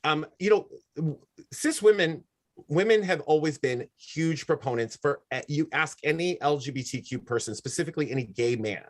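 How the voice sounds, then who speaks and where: A man as a guest in a casual interview, talking in long, animated, reflective stretches. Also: on the high side, normal speed. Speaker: guest, wrestling manager and drag performer.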